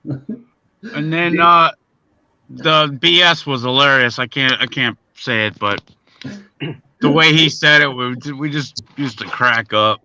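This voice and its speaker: Animated storyteller, a man with a very bright voice on dry, dull audio. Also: medium pitch, slow, long pauses, no room sound. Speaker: panelist. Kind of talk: casual chat, storytelling.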